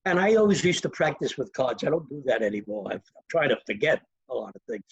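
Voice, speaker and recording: A man's voice: medium pitch, fast, creaky, husky, dry recording, lo-fi sound. An older man, a magician being interviewed, telling stories from his past and acting out the people in them. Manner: animated, acts out quoted voices. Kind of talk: anecdotal storytelling.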